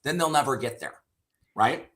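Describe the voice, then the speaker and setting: A man's voice: medium pitch, lively intonation, moderate pace, a bit bright. A middle-aged man, a sales leader and guest on an interview show, telling stories candidly and often ending points with "right?". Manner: candid, swears casually, frequent "right?" tags. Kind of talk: storytelling interview talk.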